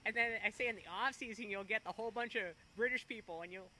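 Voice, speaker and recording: A middle-aged woman who owns a cafe, chatting quickly in an interview and laughing between her stories. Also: a little high, bright, forceful tone, a little hiss or hum, poor audio. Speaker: restaurant owner. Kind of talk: casual interview.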